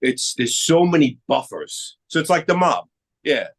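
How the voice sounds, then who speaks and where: A middle-aged actor from Queens, New York, interviewed on a podcast, speaks a little slowly with a fairly high pitch. He talks casually and acts out the dialogue of his stories with energy, all on a rough recording.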